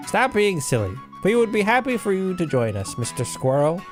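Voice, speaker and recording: A man's voice: sits high, very animated, normal speed, over music, voice pushed up. A man voicing a polite, earnest young female adventurer who scolds her grumpy companion. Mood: scolding.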